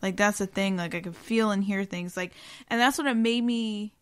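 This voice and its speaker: A woman of middle pitch co-hosts a podcast and talks in a halting, rambling way. She piles up fillers and restarts as she recounts things. Her voice is recorded close and dry. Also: a bit bright, clear, resonant tone, no echo. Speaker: podcast co-host. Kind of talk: casual podcast chat.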